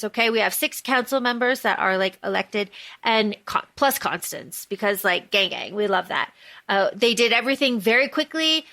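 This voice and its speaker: A woman co-hosts a casual book podcast, recapping the story with animated energy and frequent swearing. Her voice sits a little high and carries a bright, forceful edge. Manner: animated, swears freely, recaps plot excitedly. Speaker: podcast co-host.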